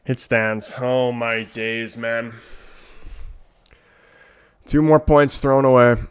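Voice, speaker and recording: A man's voice: mid-range voice, steady tone, takes it slowly, slight background noise. A man reacting live to a football match as a fan, ranting emotionally straight to his viewers.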